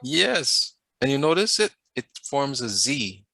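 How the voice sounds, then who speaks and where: A man's voice: medium pitch, big pitch swings, slow, vocal fry, sharp tone, no room sound. A man teaching a math class over a video, often stopping to put questions to the students and waiting for answers. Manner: asks the class questions, patient.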